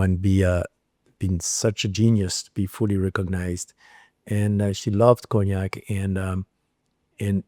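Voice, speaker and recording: Middle-aged French-accented man, low voice. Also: warm tone, no echo, clean studio sound. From France. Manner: many restarts and fillers, storytelling. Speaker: guest, spirits producer. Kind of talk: casual interview chat.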